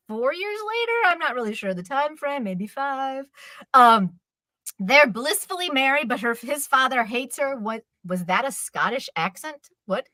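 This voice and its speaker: A woman gushes through a casual chat about her favorite shows, her voice bright and ringing. Her pitch leaps around in lively swings, and the sound is close and dry. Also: dry recording. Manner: animated, gushing, quick asides. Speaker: co-host.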